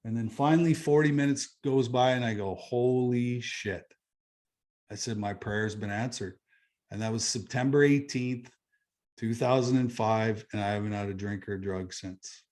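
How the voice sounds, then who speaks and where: A man's voice: mid-range voice, a little fast, a little mellow. Man, middle-aged, from Canada, interview guest, blunt candid storytelling, swears, repeats phrases.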